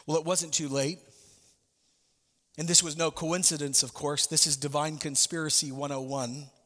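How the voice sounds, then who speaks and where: Brief: man, pastor, sermon storytelling with asides to the congregation, somewhat high pitch. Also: level tone, normal speed, pushed and bright, in a large hall. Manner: storytelling with asides and direct questions to listeners.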